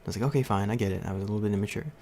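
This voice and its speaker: A young man on a livestream tells his chat a casual, rambling story, packed with fillers and frequent laughter. He talks very fast in a fairly low, darkish voice, over a little hiss or hum.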